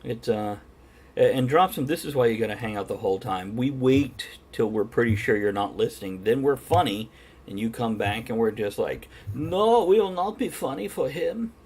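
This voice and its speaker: A man hosting a casual chat show, joking and steering the talk. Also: husky. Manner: joking, quick-fire banter with lively pitch. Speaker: podcast host.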